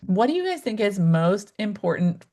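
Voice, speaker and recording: A woman's voice: sing-song, moderate pace, a little mellow. Upbeat woman coaching, acting out dialogues. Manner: upbeat, acts out client dialogues with big pitch swings; addresses viewers directly, asks them to type in chat. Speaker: real estate coach. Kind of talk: live online training session.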